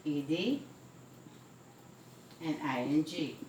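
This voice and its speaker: A woman teacher slowly and carefully explaining a spelling lesson to her students. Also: low voice, expressive, a little mellow, distant mic, slight background noise. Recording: echoey room, away from the mic.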